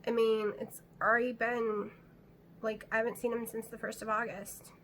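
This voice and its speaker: A woman's voice: fairly high pitch, flat delivery, normal speed, slight background noise. A middle-aged woman vlogging from home, talking in a rambling, anxious, chatty way. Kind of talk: casual chat to camera. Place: at home, indoors.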